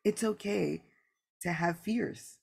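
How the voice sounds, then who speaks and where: A woman's voice: lowish voice, slow pace, vocal fry, a little mellow, breathy edge. A woman hosting a spiritual podcast, talking in an earnest, reflective way with lots of casual "like" asides, and often acting out both sides of remembered conversations. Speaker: podcast host. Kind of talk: candid spiritual podcast talk.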